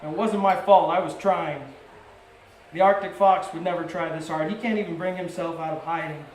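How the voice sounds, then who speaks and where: A man giving a live poetry reading at a coffee shop and bar, speaking in measured, short phrases that sometimes build in intensity. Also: fairly high pitch, fairly even intonation, a little hiss or hum. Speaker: poet reading his work. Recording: roomy live venue recording.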